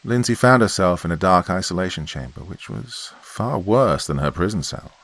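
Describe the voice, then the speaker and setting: A man narrating a scripted horror story in a dramatic, measured way. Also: deep voice, lively intonation, a bit bright, no echo.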